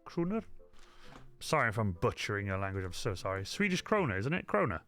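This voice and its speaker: Bright chatty streamer man. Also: fairly low pitch, very animated, fast talker, faint music behind. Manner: chatty, apologetic, talks straight to chat. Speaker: livestream host. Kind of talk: casual livestream chat while crafting.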